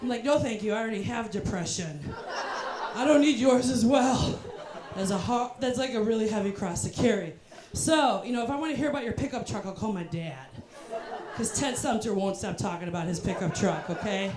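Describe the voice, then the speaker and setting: Stand-up comedian, young woman, high animated voice, roomy live room with crowd. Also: fairly quick, background noise. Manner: animated storytelling with voiced asides and self-deprecating punchlines. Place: live comedy venue with audience.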